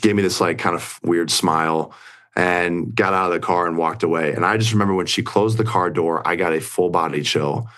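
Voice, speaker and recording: A man's voice: sits low, steady tone, a little fast, fairly bright tone. A young man, an interview guest, retelling a story in a rambling way full of fillers and quoted lines.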